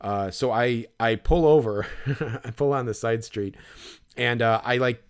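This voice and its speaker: Speaking a little slowly in a smooth, mid-range voice, a podcast co-host tells a long, casual story. It rambles with fillers and profanity, and he turns animated when relaying his inner monologue.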